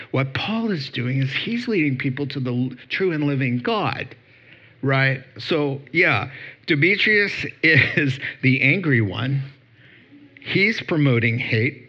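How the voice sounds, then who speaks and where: A man's voice: medium pitch, sharp tone, highs cut off. A man preaching a sermon, mocking and sarcastic in tone, often laughing as he speaks. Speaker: pastor.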